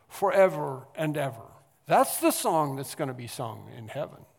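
A man preaching a sermon, swinging from quiet explanation to loud emphatic lines and repeating phrases for stress. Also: mid-range voice, vocal fry. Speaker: pastor. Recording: long hall reverb.

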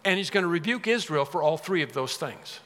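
Male preacher, sermon, bright ringing tone, emphatic repetition, echoing church hall. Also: on the high side, animated, fairly quick. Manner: emphatic, repeats phrases with rising force. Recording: reverberant hall.

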